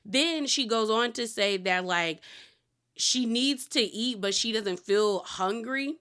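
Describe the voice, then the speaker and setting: Bright-voiced chatty woman recapping TV. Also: on the high side, slow pace, clean tone. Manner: chatty and animated, acts out quotes and exclaims "girl". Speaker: reality TV recap host. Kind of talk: casual episode recap.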